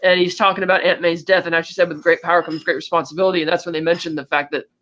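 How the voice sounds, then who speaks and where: A high, bright-voiced man who talks fast and rattles through a movie plot in a casual review chat, slipping into quick impressions of the characters as he goes. The sound is dull and lo-fi. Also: level tone. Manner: rapid plot recap acting out characters' lines. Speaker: podcast co-host.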